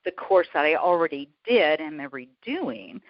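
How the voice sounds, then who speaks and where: Lively laughing woman on a dull line. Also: sits low, normal speed, no echo. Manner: lively, laughing, self-deprecating. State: slightly out of breath from walking. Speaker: guest, author and prayer coach. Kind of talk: casual interview chat.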